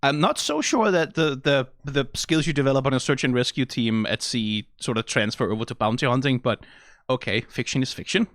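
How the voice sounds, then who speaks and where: A man from Denmark hosting a casual reaction video, animated and exclaiming, swearing now and then and laughing. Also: medium pitch, brisk.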